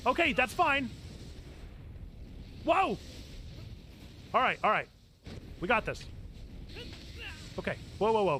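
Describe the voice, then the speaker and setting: A man hosting a live game stream, chatting casually and yelling excitedly at what happens on screen. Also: very high-pitched, creaky, a little hiss or hum. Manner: excitable, yelps and shouts at the game. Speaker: streamer host.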